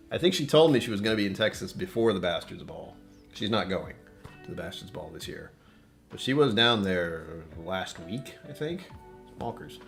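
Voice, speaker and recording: A man with a very low voice chats loosely on a home whiskey livestream, wandering between topics and often cutting himself off. Faint music plays under his voice. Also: fairly bright tone. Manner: rambling, distractible, self-interrupting. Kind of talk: casual livestream chat.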